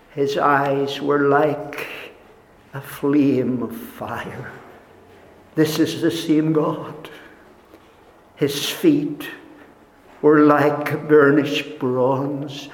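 A man preaching a sermon, speaking slowly and deliberately, sinking to hushed tones and rising for emphasis. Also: mid-range voice, a little hiss or hum. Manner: slow, deliberate preaching, dropping to near-whispers and rising in emphasis. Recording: echoey hall with long reverb.

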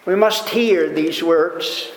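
A man delivers a sermon at a measured, unhurried pace, leaning into emphatic rises. His fairly high voice rings through a big, echoing hall. A faint room hum sits underneath. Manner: slow, deliberate preaching with rising emphatic swells. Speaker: preacher. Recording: echoey hall reverb, faint room noise.

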